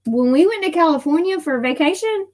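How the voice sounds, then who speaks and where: Female guest, thick Southern accent, high voice, giggly and friendly. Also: expressive, fairly quick, a little mellow. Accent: Southern American. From American South. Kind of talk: casual livestream chat.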